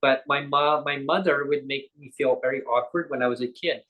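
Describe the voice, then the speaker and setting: A man's voice: mid-range voice, fairly even intonation, fairly quick, phone-quality sound. A man, a guest on a live interview show, tells a personal story in a rambling way, often correcting himself and acting out quoted dialogue.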